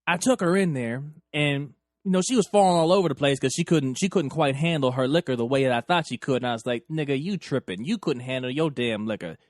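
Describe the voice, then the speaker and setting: A young man hosting a podcast, telling a crude story in a loose, profane, animated way and acting out the lines he quotes. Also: fairly high pitch, fast, few pauses, no echo, clean studio sound. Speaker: podcast host.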